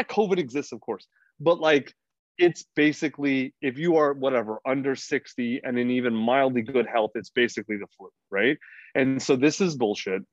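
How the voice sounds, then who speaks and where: A man's voice: medium pitch, no room sound. Man, American, middle-aged, blunt, profane, rambling, dry lo-fi recording. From United States. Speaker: podcast guest. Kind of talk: freewheeling casual conversation. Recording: dry, dull lo-fi sound.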